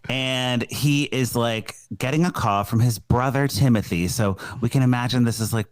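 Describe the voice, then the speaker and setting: A man's voice: medium pitch, normal speed, no room sound. A man talks through a movie plot on a podcast, voicing the characters as he goes. His voice sits in an ordinary middle range, and the sound is dry and close with no room around it. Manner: animated storyteller, acts out quotes. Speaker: podcast co-host. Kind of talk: casual podcast chat, recapping a movie.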